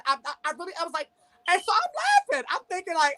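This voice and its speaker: Animated woman telling a story. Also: very high voice, fast talker, over a noisy crowd. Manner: animated storyteller, laughs often. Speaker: podcast co-host. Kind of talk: casual chat.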